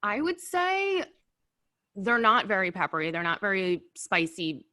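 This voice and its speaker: A woman hosting a casual chat while tasting wings, animated and blunt, sometimes talking with her mouth full. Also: medium pitch, measured pace. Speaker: host. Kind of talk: casual food review chat.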